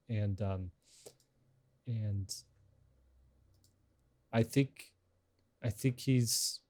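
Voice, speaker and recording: A man's voice: lowish voice, dark tone. A middle-aged man hosting a casual podcast chat, talking in a rambling, hesitant way with many restarts. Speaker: podcast host.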